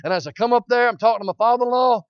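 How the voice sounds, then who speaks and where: A man's voice: very high voice, rapid-fire, clear, resonant tone, dry recording, highs cut off. A middle-aged man preaching a sermon, telling a folksy story with frequent amens and rising to hollering.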